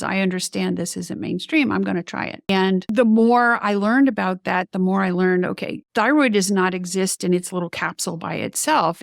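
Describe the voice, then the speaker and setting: A middle-aged woman tells her story in an interview, lively and animated, slipping into the voices of the people she quotes. Her voice has a gravelly, fry-tinged edge, and the recording is dry and close. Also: medium pitch, no room sound. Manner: animated, acts out quoted remarks. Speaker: guest ENT doctor.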